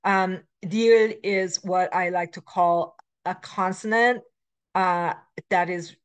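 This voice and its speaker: Teaching grammar in a recorded lecture, a Korean language instructor explains with frequent fillers and self-corrections, moving between English and Korean examples. Her lowish voice is smooth and slow, with fairly even intonation.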